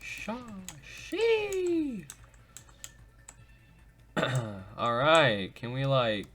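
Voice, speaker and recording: Bright, goofy young gamer guy. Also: on the low side, expressive, moderate pace. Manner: goofy, self-mocking, talks to himself. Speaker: gaming video host. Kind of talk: let's play commentary.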